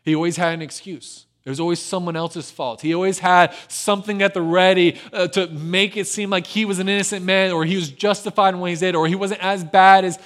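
A man preaching a sermon and retelling a scripture story, swinging between lively emphasis and hushed, low passages. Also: fairly quick, hardly any pauses. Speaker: pastor.

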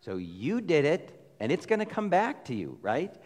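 Animated pastor in a reverberant hall. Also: male voice, fairly high pitch, normal speed. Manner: conversational, animated retelling with asides. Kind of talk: sermon. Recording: long reverb of a large hall.

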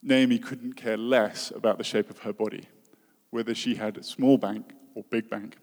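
A man's voice: on the low side, a little mellow. Earnest male preacher in a reverberant hall. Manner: earnest, with dry humor and rhetorical questions. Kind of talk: sermon.

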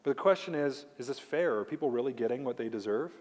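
A man delivers a sermon as pastor in an everyday mid-range voice. He is emphatic, slows down to lean on key words and questions his listeners directly. His voice carries a long reverb from a large church hall. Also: medium pitch, expressive, a little mellow. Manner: emphatic preaching, slowing down to stress key words; addresses the congregation directly with questions.

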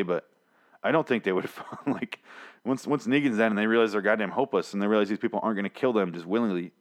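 A man hosting a podcast, giving a rambling, sarcastic recap of a TV episode with lots of swearing. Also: on the low side. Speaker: podcast host reviewing a TV episode. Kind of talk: casual spoken recap.

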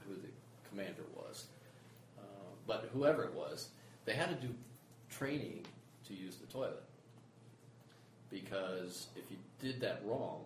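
Older guy, lively anecdote teller, roomy echo. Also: on the low side, unhurried, long pauses, recorded from a distance. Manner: animated, laughs while telling stories. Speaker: former space software engineer, guest. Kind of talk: casual storytelling chat. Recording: echoey room with background noise.

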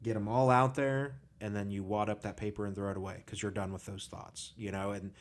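A man's voice: on the low side, little pitch movement, a little fast. A man hosting a podcast, talking frankly and casually about personal struggles and swearing freely. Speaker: podcast host. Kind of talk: candid conversational podcast talk.

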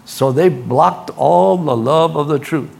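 A man preaching a sermon, telling stories with lively energy and speaking straight to his congregation. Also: a little high, slow, creaky. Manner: animated storytelling, acts out quotes, laughs at his own stories; addresses the congregation directly. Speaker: pastor.

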